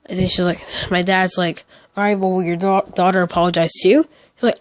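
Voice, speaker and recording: A teenage boy who makes storytime YouTube videos rambles through a casual story, full of "like" fillers and restarts. His voice sits high and he talks briskly, with no echo in the recording.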